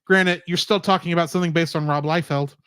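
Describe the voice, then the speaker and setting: A man co-hosting a podcast in casual review chat, animated and laughing often. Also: fairly high pitch, quick pace, clear, resonant tone, dry recording, studio quality. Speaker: podcast co-host.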